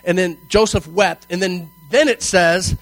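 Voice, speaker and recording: A man with a fairly high voice delivers a sermon, reading scripture aloud and unpacking it in plain conversational language. He slows down to stress key phrases and builds intensity as he goes, checking in with his listeners along the way. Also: dry recording, faint music behind, low-quality recording. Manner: conversational, emphatic, frequent "okay?" check-ins. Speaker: preacher.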